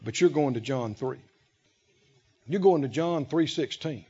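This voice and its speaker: A male pastor preaching a sermon, speaking slowly and with emphasis, pausing to let the congregation fill in key words. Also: mid-range voice, lively intonation, warm tone, husky. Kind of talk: sermon with call-and-response. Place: church sanctuary. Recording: lo-fi with long hall reverb.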